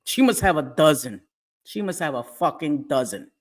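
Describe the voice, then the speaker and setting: A woman's voice: sits low, sing-song, moderate pace. A middle-aged woman hosting a casual live stream from home, talking bluntly with lots of swearing and frequent laughter. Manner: blunt, profane and laughing often. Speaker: livestream host.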